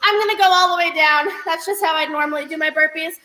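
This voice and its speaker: A young woman with an extremely high, sharp voice speaks quickly as she coaches an online gymnastics class. She cheers upbeat instructions, laughs often, and is out of breath from the workout, in an echoey room with music playing behind her.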